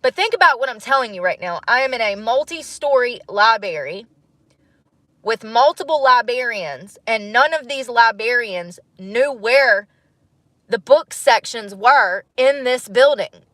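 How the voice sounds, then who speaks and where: A woman in her thirties, talking to her channel in a casual, reflective monologue, musing and animated, with frequent laughs. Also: on the high side, measured pace, no echo. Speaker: vlogger.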